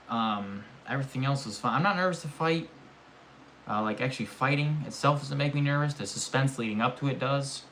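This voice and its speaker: A young man with a lowish voice chats casually on a live stream. He rambles through an animated story with plenty of swearing. A faint hiss of noise sits under his voice.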